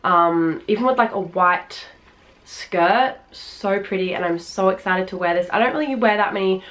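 A woman's voice: mid-range voice, normal speed, fairly bright tone. A young Australian woman in her early twenties, chatting through a try-on haul from home. She gushes easily and fills her sentences with "like" and "um", her voice sitting in a middle register. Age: early 20s. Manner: chatty and gushing, many fillers. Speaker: fashion vlogger.

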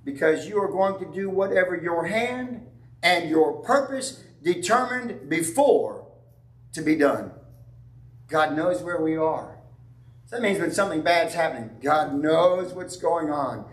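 A male pastor with a high voice delivers a sermon, conversational and emphatic, sliding easily into homely stories. He is picked up from some way off, and the church around him rings with echo. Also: expressive, a little slow. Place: church sanctuary. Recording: echoey church from far off.

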